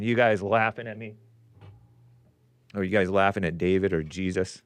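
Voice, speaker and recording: A man's voice: fairly low pitch, moderate pace, no room sound. Casual male host reading scripture. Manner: casual, reads aloud with asides and jokes. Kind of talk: call-in show and scripture reading.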